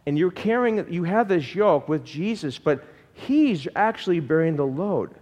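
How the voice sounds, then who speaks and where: A man preaching a sermon in an animated way and asking the congregation questions. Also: fairly high pitch, a little slow, big-room sound. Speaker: pastor.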